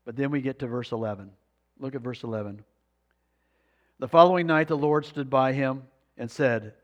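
A man's voice: medium pitch, moderate pace, big-room sound, highs cut off. A man preaching a sermon, reading scripture aloud and asking the congregation rhetorical questions. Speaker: pastor.

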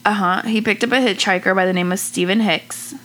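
A woman walking through a true-crime case in easy podcast chat. She talks loosely and swears now and then. Her voice is bright and clear at a middle pitch. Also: a little fast. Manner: relaxed storyteller, casual swearing. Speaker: podcast co-host.

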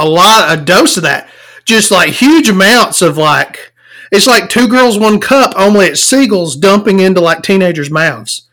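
Profane, animated woman ranting about movies. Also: fairly low pitch. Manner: profane, sarcastic, exasperated. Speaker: movie reviewer. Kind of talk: casual ranting review. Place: at home in a recliner.

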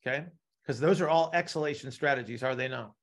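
A man's voice: mid-range voice, fast. A man teaching a live class, explaining with analogies and often checking in with "right?". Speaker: instructor.

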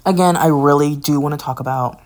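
A woman in her twenties hosting a podcast, telling a candid, rambling personal story into a phone with sighs, laughs and curses. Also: sits low. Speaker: podcast host.

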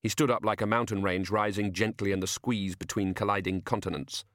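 A man reading a novel aloud as narrator, in a measured, dry storytelling manner. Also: lowish voice, fairly even intonation, fairly bright tone, no room sound. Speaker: audiobook narrator. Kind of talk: scripted narration.

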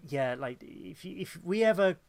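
Man, podcast co-host, casual chat, sweary, rambling, slightly high voice. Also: animated, normal speed, gravelly.

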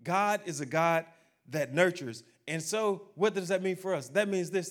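A man pastor delivers a sermon in a fairly high voice. He talks in an animated, humorous way and speaks straight to his congregation. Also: normal speed.

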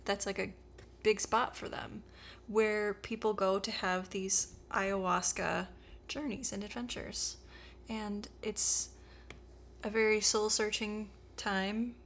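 A woman's voice: medium pitch, flat delivery, takes it slowly, fairly bright tone, slight background noise. Brief: woman podcast host, casual comedic storyteller, slangy. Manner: chatty, irreverent, slangy.

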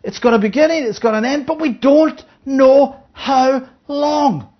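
A woman's voice: high-pitched, measured pace, highs cut off. A woman Bible teacher giving a conversational sermon, reading verses aloud and explaining them, often checking in with her listeners. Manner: checks in with listeners, asking 'Yeah?'; reads scripture aloud, then explains it.

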